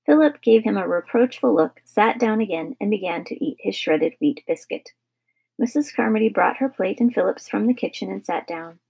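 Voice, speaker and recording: Gravelly-voiced woman reading a storybook. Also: mid-range voice, lively intonation, moderate pace, a little mellow, poor audio. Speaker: narrator. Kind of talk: storybook narration.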